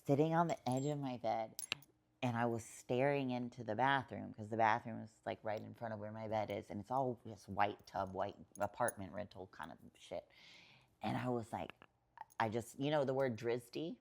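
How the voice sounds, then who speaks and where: A woman's voice: rumbling low, normal speed, gravelly, darkish tone. A woman guest on a podcast, telling a personal story in casual, rambling talk full of fillers and swearing, emotional at times. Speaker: podcast guest, writer and poet.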